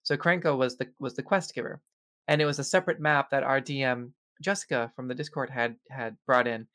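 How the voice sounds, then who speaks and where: Lively podcast co-host. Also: medium pitch, brisk. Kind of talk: casual chat.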